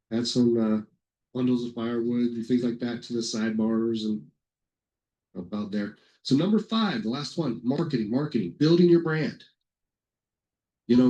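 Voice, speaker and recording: On a low-quality recording, a middle-aged man with a mid-range voice runs a software webinar. His delivery is relaxed and wandering, packed with anecdotes, filler words, and self-corrections.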